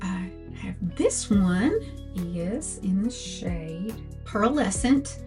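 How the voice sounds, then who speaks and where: Older lady doing a makeup tutorial, talks real slow, soft music behind. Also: mid-range voice, lively intonation. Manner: slow, chatty product talk. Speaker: beauty vlogger.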